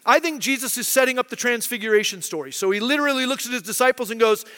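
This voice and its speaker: Male pastor, thirties, high bright delivery, chatty sermon, church hall reverb. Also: animated, quick pace. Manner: conversational, keeps asking "right?"; acts out quoted voices.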